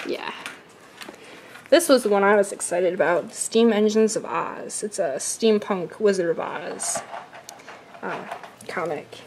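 In a relaxed home vlog, a woman with a medium-pitched, slightly mellow voice unboxes comics and chats along. She slows down when reading out their titles, with a little background noise audible.

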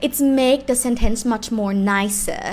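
A young woman with a Thai accent teaching a live-streamed language lesson, explaining slowly and repeating words in different tones. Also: on the high side, fairly even intonation, a little mellow. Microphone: laptop or phone mic on a live stream.

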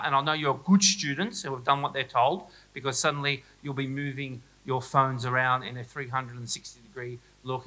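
An Australian man speaks at a conference keynote, his voice bright and forward. He jokes with the audience and pokes fun at himself in a loose, chatty way. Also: mid-range voice, low-quality recording. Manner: playful, self-mocking, chatty with the audience. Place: school hall, live audience.

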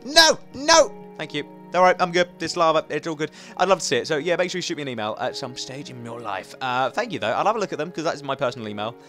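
A young man giving rambling, excitable let's play commentary as a gaming YouTuber. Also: a little high, racing, few pauses, soft background music. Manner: rambling, restarts often, excitable outbursts.

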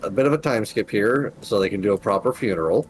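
A man runs a tabletop game and narrates what the characters do. His voice is on the low side and measured. Soft music plays faintly in the background. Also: rough recording. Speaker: game master.

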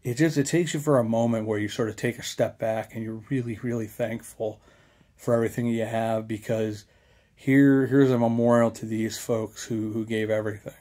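A man's voice: medium pitch, steady tone, normal speed, mellow. A young man, rambling casually with many fillers as a local history vlogger. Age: young adult.

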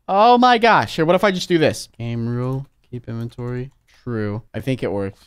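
A man's voice: mid-range voice, moderate pace, few pauses. A man hosting a let's play, narrating his moves with jokey asides and breaking into sudden gasps and shrieks. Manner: excitable, bursts into loud shrieks and gasps. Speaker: gaming channel host.

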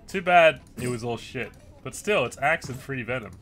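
Male streamer, lively up-and-down voice, crude, gloating play-by-play. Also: medium pitch, moderate pace, soft background music. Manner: excitable, crude gloating trash talk, bursts of shouting. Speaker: gaming streamer. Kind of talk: live gameplay commentary.

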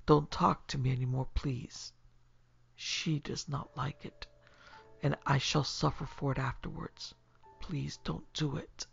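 A woman voicing a timid, frightened old aunt who speaks softly and hesitantly, almost in a whisper, on a dull lo-fi recording. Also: sits low, moderate pace, gravelly, husky, faint music behind, heavily acted. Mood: fearful. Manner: soft, hesitant, near-whispered.

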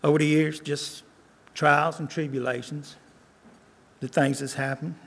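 An older man preaching a sermon as a guest preacher, earnest, repeating lines and slowing down for emphasis. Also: a little high, flat delivery, vocal fry, a bit bright, husky. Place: church sanctuary. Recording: long church reverb.

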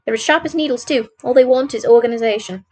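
Woman doing a wry male sleuth, crisp and measured, husky, storybook read-aloud. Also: a little high, darkish tone, faint music behind, low-quality recording. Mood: brisk. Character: sharp, dryly amused male detective.

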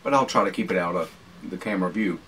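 A lowish-voiced man talks through his everyday survival gear in a relaxed vlog, pausing often and chewing between phrases. He sounds set back from the microphone, with a faint hiss of background noise. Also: far from the mic, rough recording. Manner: unhurried, practical, with frequent uh fillers and pauses. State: talking while chewing food. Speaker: survival channel host. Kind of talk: casual explanatory vlog talk.

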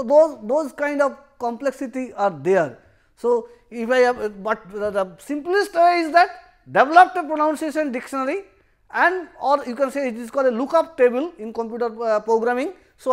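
Lecturer, university lecture, halting delivery, frequent restarts, repeats terms, explanatory. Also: mid-range voice.

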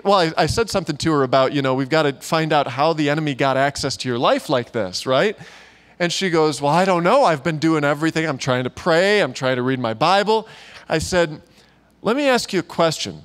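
Animated man telling a sermon story. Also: on the high side. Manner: animated storyteller who acts out quoted voices and laughs often. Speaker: pastor. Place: church meeting room.

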